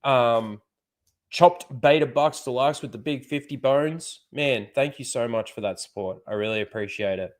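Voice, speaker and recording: A man's voice: mid-range voice, normal speed. A man hosting a casual livestream, swearing freely and chuckling often. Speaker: livestream host.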